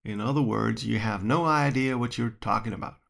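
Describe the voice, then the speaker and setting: A man voicing a loud, aggressive flat-earth heckler who speaks in a put-on accent and accuses the listener. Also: mid-range voice, brisk, gravelly. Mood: scornful.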